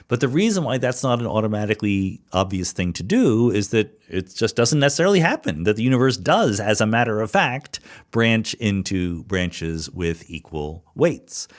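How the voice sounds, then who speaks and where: An American man hosting a podcast, answering listener questions alone in a thoughtful, explanatory way and thinking aloud with small restarts. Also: on the low side. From United States, Philadelphia suburbs. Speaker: podcast host. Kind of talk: solo listener Q&A monologue.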